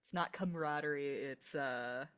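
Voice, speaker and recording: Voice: medium pitch, normal speed, a bit bright, clean tone. A tabletop game player who describes their character in a rambling way, peppered with "like".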